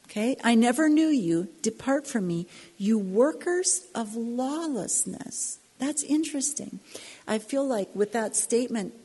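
A woman teaching a Bible passage in an earnest, personal way, slowing down to stress her points. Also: mid-range voice, warm tone, slightly rough, long reverb tail.

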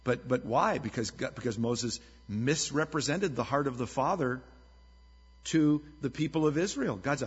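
Male pastor, husky and a touch high, conversational sermon delivery; muffled recording in a reverberant hall. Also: moderate pace. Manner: conversational, earnest preaching with lively storytelling. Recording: dull lo-fi sound with long hall reverb.

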